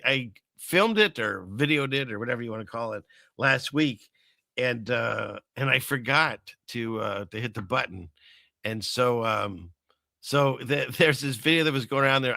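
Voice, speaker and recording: A man's voice: medium pitch, gravelly, pushed and bright, no room sound, studio quality. A man hosting a casual livestream, rambling through viewer comments and chuckling often between remarks. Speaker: livestream host.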